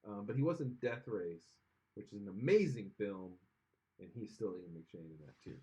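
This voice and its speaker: A podcast co-host offers blunt, opinionated takes in casual chat and often trails off. His voice is on the low side and mellow, with lively intonation and a moderate pace, in slightly dull lo-fi sound.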